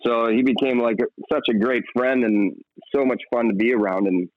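A man's voice: mid-range voice, moderate pace, no echo, phone-quality sound. A young man, an actor, talking casually in an interview, rambling and laughing often. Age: young adult. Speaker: actor guest.

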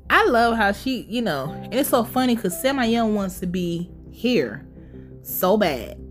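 A woman giving a casual, profane recap of a show, animated and laughing as she acts out the characters' lines. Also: medium pitch, a little slow, faint music behind.

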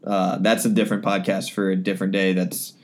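A man's voice: deep voice, level tone, brisk. A young man co-hosting a casual sports podcast, rambling with many fillers and restarts. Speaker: sports reporter and podcast co-host.

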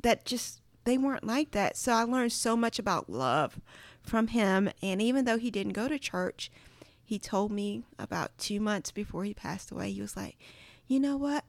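A woman's voice: mid-range voice, expressive, moderate pace, gravelly, dry recording. A woman telling a heartfelt family story in casual chat, earnest and sprinkling in lots of "like.". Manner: earnest, many "like" fillers. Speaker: guest sharing a personal story.

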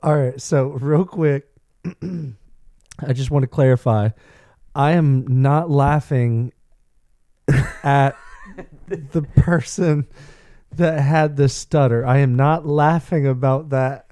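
A man in casual podcast talk with a warm, mellow tone at a middle pitch. He speaks carefully and laughs easily. The recording is dry. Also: takes it slowly, long pauses, dry recording. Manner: laughing, explaining himself carefully. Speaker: podcast co-host. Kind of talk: casual chat.

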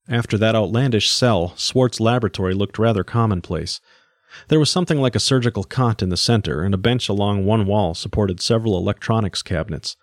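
A man reading a science fiction story aloud in steady scripted narration. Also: fairly low pitch, normal speed, no room sound, clean studio sound. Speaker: audiobook narrator.

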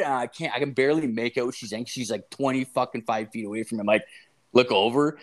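A man's voice: mid-range voice, fast. Young guy, casual storyteller, profane and rambling, mid-range voice. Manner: crude, swearing constantly, filler-heavy, animated retelling.

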